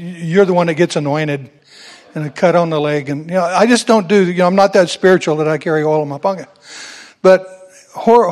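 A man pastor telling a personal story in a sermon, building to fervent preaching. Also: high-pitched.

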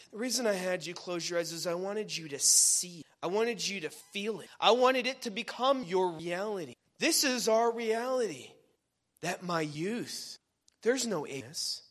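Man, pastor, sermon, high voice, reads scripture aloud, loud emphatic lines, soft asides.

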